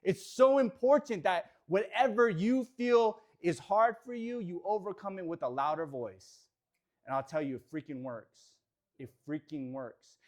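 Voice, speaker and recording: Here a man rallies a real estate team inside an office with a high voice and a measured pace. He is energetic, drifting from quiet reflection into shouted affirmations and back.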